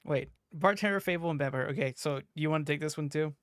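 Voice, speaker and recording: A man's voice: a little high, quick pace, a bit bright, no room sound, studio quality. A man chatting casually and joking while he voices characters in a game, scattered and talking over himself. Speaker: game player.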